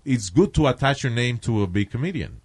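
An easygoing male host keeps the chat going with short, encouraging replies, slipping between English and Spanish. His pitch moves around a lot as he reacts. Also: sing-song, fairly quick, breathy edge. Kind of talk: casual interview chat.

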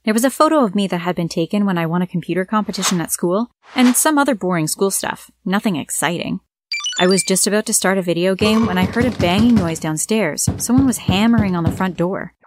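A woman narrating a scripted first-person story with a plain, steady reading. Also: medium pitch, brisk, noisy background.

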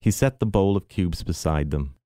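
Deep, dark-voiced man reading fiction. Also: no echo, studio quality. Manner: measured, expressive reading of dialogue. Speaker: reader. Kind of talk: literary reading.

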